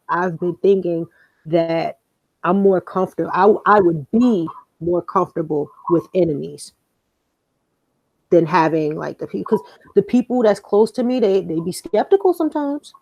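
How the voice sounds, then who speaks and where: A woman's voice: medium pitch, no room sound, muffled recording. A young woman co-hosting a podcast, telling stories in a casual, profane way and acting out what people said. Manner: animated, profane, acts out quoted lines. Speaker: podcast co-host. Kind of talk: casual storytelling chat.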